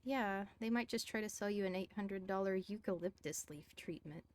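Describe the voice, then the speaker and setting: A woman in a roleplay game, talking in character as a doctor. Her delivery is deadpan and dry, with short quips and an even, mid-range voice. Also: mid-range voice, moderate pace. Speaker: roleplay player playing a doctor.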